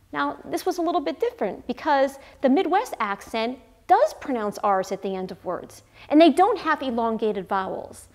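A woman linguist giving a clear, measured educational explanation. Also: sits high, a little mellow.

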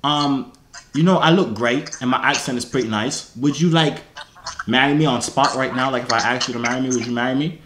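A man's voice: medium pitch, a little fast, fairly bright tone, a little hiss or hum. A man vlogger in a put-on British accent, teasing and flirting with strangers on a video chat app.

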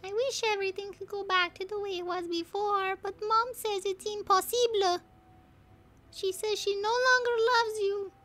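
Little boy, sad and soft-spoken, very high child voice, a woman doing the voice. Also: steady tone, moderate pace. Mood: wistful. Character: young boy writing a sad letter.

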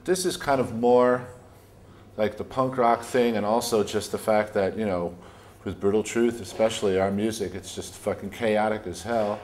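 A man's voice: fairly low pitch, fairly even intonation, moderate pace, a little mellow, a little hiss or hum. Laid-back American musician man. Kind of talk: casual interview.

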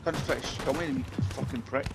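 A man in casual game chat with his friends, blunt, excitable and swearing a lot. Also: medium pitch, brisk, gravelly, heavy background noise. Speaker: gamer.

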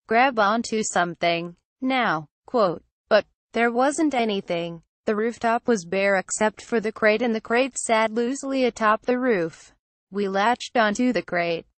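A woman narrating a first-person horror story in a steady reading voice. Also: on the high side, measured pace, dry recording.

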